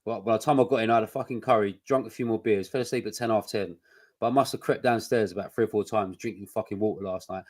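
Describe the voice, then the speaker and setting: A man talks at a quick clip in a loose, casual podcast chat. He swears freely and tells stories with animated energy. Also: on the low side. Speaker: podcast co-host.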